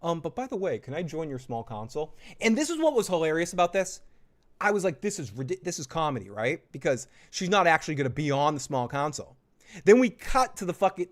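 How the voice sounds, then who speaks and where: A man with a slightly high voice rants through a TV episode recap. He swears freely, laughs at his own jokes and slips into mocking impressions of the characters. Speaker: host. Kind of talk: casual TV recap and review.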